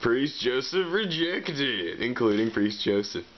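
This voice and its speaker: A man's voice: medium pitch, animated, takes it slowly. A man giving offhand, joking commentary in a homemade comedy skit. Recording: muffled home camera with hiss.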